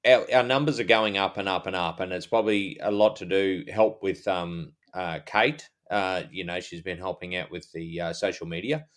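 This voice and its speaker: This is a middle-aged Australian man with a very low, deep voice, chatting casually as a podcast co-host. He rambles, stops and restarts, and leans on plenty of fillers. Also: fairly even intonation, moderate pace, hardly any pauses.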